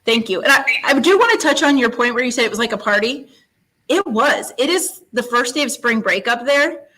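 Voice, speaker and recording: A woman's voice: on the high side, lively intonation, brisk, bright, forceful tone, a little hiss or hum, poor audio. A woman guest who teaches science, chatting in an interview with an upbeat, storytelling manner and frequent laughs. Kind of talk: casual interview chat.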